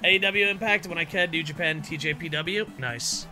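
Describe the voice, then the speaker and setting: Male streamer, high and very bright voice, excitable casual chatter with light music behind. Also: moderate pace. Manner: excitable, reacts loudly, swears casually. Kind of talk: casual chat over gameplay.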